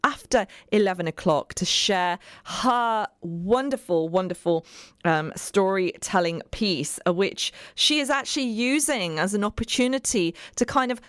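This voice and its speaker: A woman's voice: medium pitch, unhurried, clear, resonant tone, no room sound, studio quality. A woman hosting a community radio show, chatting in an upbeat, rambling way with many fillers. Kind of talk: casual radio chat.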